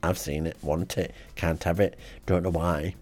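A man reading out a comic diary in a deadpan, rambling way. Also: sits low, moderate pace, faint music behind. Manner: deadpan and rambling, with frequent ums. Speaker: comedy podcast host.

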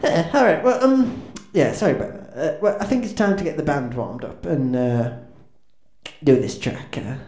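A man's voice: mid-range voice, lively intonation, moderate pace, mellow, a little hiss or hum. A man doing awkward, self-deprecating stand-up patter as a band's frontman, hesitating with lots of ums and restarts. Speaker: comedic frontman of a band. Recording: echoey room with faint ambience.

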